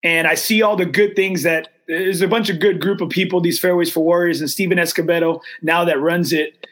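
A man's voice: high-pitched, fairly even intonation, fairly quick, a bit bright. A man hosting a casual chat, earnest and grateful, peppering his talk with "man" and "dude". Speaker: host.

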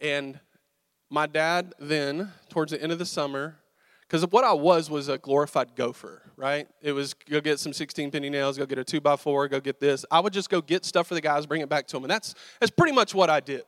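A man's voice: fairly high pitch, fairly even intonation, fairly quick, fairly bright tone, no echo, studio quality. A young man, a pastor telling a self-mocking story from the pulpit and joking with his audience. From American South. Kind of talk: storytelling sermon. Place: church sanctuary.

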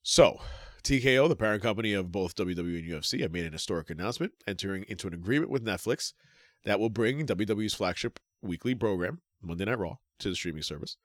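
A man's voice: sits low, expressive, fast talker, dry recording, clean studio sound. A man co-hosting a casual wrestling podcast, reading out news with lots of "uh"s and jokes. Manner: reads news aloud with fillers and jokes. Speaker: podcast co-host.

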